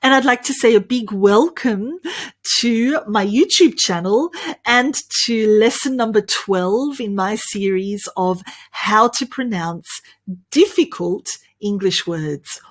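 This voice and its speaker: An Australian woman teaching English pronunciation in an online lesson, cheerful, often laughing and drilling words slowly. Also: mid-range voice.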